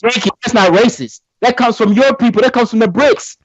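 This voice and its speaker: A man's voice: very high voice, a little fast, highs cut off, crowd noise. A man arguing in a heated debate, combative and taunting, often repeating himself.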